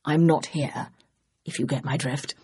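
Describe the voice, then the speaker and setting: A narrator voicing a discreet young male government agent who talks in a hushed, urgent whisper. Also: medium pitch, fairly even intonation, a little slow, a little hiss or hum, lightly acted.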